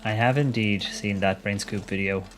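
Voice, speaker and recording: Over background music and a little hiss or hum, an easygoing Dublin man commentates his live gameplay, laughing often and responding to chat. His voice is fairly low and a bit bright, with fairly even intonation at normal speed.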